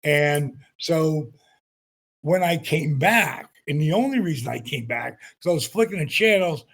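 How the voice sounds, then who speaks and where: A man in his sixties, a retired wrestler being interviewed, telling animated stories. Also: on the high side, unhurried, gravelly. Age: 60s. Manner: animated anecdotes, acts out quotes. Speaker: guest, retired pro wrestler. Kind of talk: storytelling interview.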